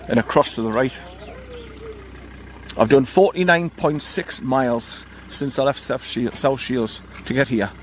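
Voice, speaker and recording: A man's voice: mid-range voice, darkish tone. Guy chatting to the camera outside by his car, spells out place names, bit of noise behind. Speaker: vlogger. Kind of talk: casual walking vlog narration. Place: outdoors beside a parked car in countryside.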